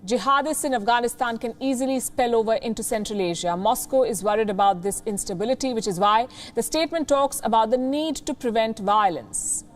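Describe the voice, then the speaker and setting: A woman's voice: a little high, a little fast, few pauses. A woman news anchor with an Indian English accent, delivering scripted commentary full of pointed rhetorical questions.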